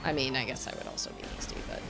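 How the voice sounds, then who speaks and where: A woman's voice: a bass voice, rapid-fire, loud music behind the voice. A woman livestreaming a video game, chatting casually and rambling, laughing often. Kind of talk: casual chat while gaming.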